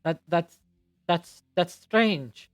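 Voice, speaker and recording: A woman's voice: fairly low pitch, lively intonation, drawn-out words, no room sound, pitched above the performer's own voice. A man voicing a nervous young female fae spirit who stammers and hesitates. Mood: flustered.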